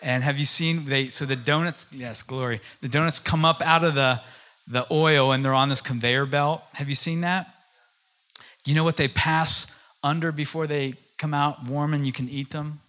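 A middle-aged man preaching, telling personal stories with halting restarts and asides. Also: a little high, fairly even intonation, bright, forceful tone. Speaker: pastor. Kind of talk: sermon.

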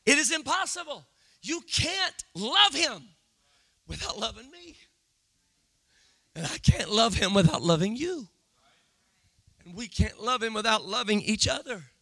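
Male preacher, sermon delivery, very high and piercing, dry close sound. Big shouted stretches, hushed asides. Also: gravelly, no room sound. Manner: swings from shouted, drawn-out emphasis to low, quiet asides.

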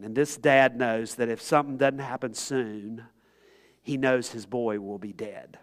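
A man preaching a sermon as pastor, impassioned, swinging between loud pleading and hushed, quiet tones. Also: medium pitch, fairly even intonation, a little slow.

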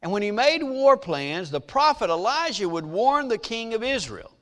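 A man preaching a sermon, retelling scripture in an animated storytelling way and acting out its people. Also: sits high, normal speed. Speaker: pastor.

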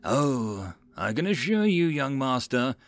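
A man voicing a calm, menacing male swordsman who serves as a retainer and speaks with lazy, chilling ease in an audiobook. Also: medium pitch, slow, no echo. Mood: cool, menacing.

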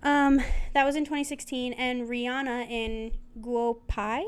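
A young woman with a smooth, clear voice that sits a little high, chatting as a co-host. She reads prepared notes aloud and breaks off into giggly asides. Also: little pitch movement, measured pace. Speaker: podcast co-host. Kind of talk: casual chat, reading notes aloud.

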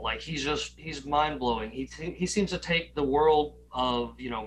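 A man's voice: medium pitch, a bit bright, a little hiss or hum, low-quality recording. A man hosting a podcast, introducing his guest in a loose, enthusiastic way with lots of fillers. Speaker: podcast host. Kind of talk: casual introduction.

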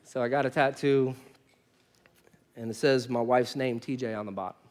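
A male pastor preaching a sermon, with animated storytelling that swings between loud bursts and quiet asides. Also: mid-range voice, moderate pace.

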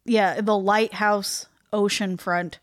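A woman's voice: mid-range voice, steady tone, slow, dry recording, studio quality. A woman co-hosting a casual podcast, reading from her research with wry asides and easy laughs. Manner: chatty, wry, laughs easily, reads notes aloud with asides. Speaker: podcast co-host.

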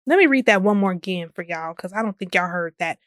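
Speaking quickly and animatedly in a mid-range voice, a young woman hosts a laid-back podcast about social media. She's sassy and emphatic, laughs a lot, and drags out words to stress them; the audio is clean studio sound without room noise.

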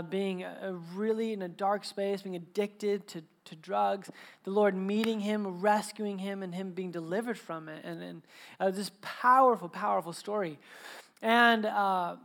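A man's voice: high voice, fairly even intonation, unhurried, vocal fry, fairly bright tone. A man in his thirties, a pastor preaching a sermon to his congregation, telling family stories in a chatty, joking way with many restarts and laughs. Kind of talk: sermon with personal storytelling. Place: church service before a live congregation.

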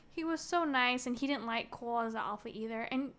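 A woman's voice: on the high side, a bit bright. A woman co-hosting a podcast in casual chat about a novel, chatty and emphatic, with many fillers. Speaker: podcast co-host.

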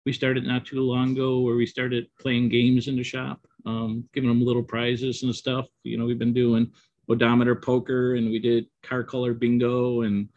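A middle-aged man who co-owns an auto repair shop, answering interview questions in a relaxed, rambling way with many ums and you-knows. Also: medium pitch, normal speed, no echo. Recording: dull, slightly muffled dry audio.

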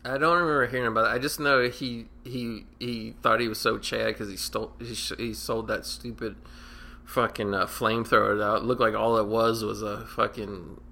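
Gravelly, bright-voiced male podcast host. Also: fairly low pitch, level tone, moderate pace, a little hiss or hum. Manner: rambling, profane, sarcastic. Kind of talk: casual podcast chat.

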